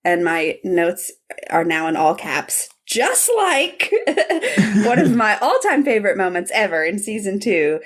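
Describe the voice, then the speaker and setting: A woman's voice: mid-range voice, big pitch swings, a little slow. A woman co-hosting a podcast, gushing as she recaps an episode in casual chat. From United States. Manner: enthusiastic, gushing storyteller. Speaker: podcast co-host.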